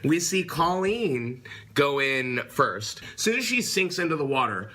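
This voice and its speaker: A man in casual podcast banter, reacting in an excitable way. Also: on the high side, unhurried.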